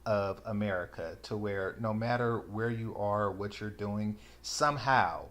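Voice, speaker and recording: A man's voice: on the low side, measured pace, fairly bright tone. A man hosting a reaction video, giving sarcastic, rambling commentary full of fillers. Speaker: commentary channel host.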